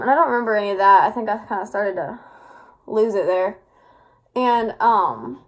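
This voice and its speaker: Young woman vlogging, kinda high voice, rambly and laughing as she goes. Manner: rambling, lots of fillers, laughs while telling. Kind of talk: casual storytime.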